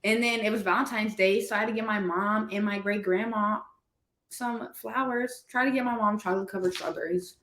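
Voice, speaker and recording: A woman's voice: mid-range voice, fairly even intonation, brisk, a bit bright. A young woman, a college athlete guest on a podcast, talking in a laid-back, giggly way. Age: young adult. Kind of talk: casual chat. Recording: echoey room.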